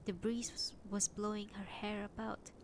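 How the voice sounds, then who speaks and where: Calm woman reading a story aloud. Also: medium pitch, normal speed, slight background noise, poor audio. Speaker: reader.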